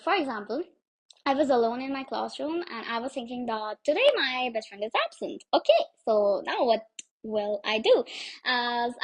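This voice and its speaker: Chatty high-voiced woman telling a story. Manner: chatty and expressive, addressing viewers. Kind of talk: casual storytime.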